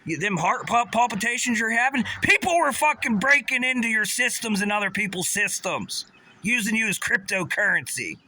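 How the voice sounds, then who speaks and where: A man rants in an agitated, sarcastic way, his somewhat high voice swinging up and down a great deal. The tone is bright and sharp, and he trips over his restarts. Faint birds and outdoor ambience sit behind him. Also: lively intonation, moderate pace, slight background noise. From Pittsburgh area. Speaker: vlogger. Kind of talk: angry profane rant.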